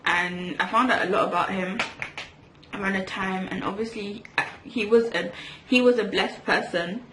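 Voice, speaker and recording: A woman's voice: medium pitch, steady tone, moderate pace. Chatty young woman, echoey room. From England. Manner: chatty, rambling, lots of fillers and restarts. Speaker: vlogger. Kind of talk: storytime chat while doing makeup. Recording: echoey room with faint hiss.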